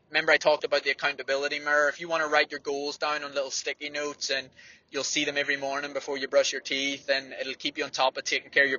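A man's voice: a little high, bright, forceful tone, dry recording, highs cut off. A man, a distance runner, giving blunt, fired-up training advice with frequent swearing in a motivational monologue.

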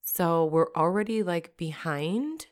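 Low-voiced woman podcast co-host. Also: slow pace. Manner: relaxed, laughs easily. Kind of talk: casual chat and reading stories aloud.

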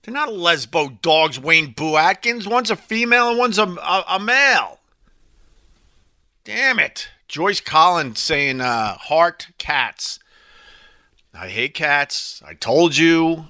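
A man's voice: fairly high pitch, bright, forceful tone, no room sound, studio quality. A man hosting a live stream, chatting casually and reading out viewer comments in a loose, profane, rambling way.

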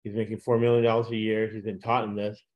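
A man with a somewhat low voice talks through football picks in a loose, casual way. His sentences wander and restart, with lots of "uh" fillers. He laughs easily as he goes. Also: level tone, quick pace, muffled recording. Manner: rambling, frequent "uh" fillers, laughs at own jokes. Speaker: sports betting podcast host.

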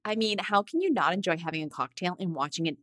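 A woman's voice: fairly low pitch, expressive, fast, fairly bright tone, no room sound. A woman in her thirties co-hosting a podcast, chatting casually in a bubbly, giggly, rambling way. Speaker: podcast co-host. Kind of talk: casual chat.

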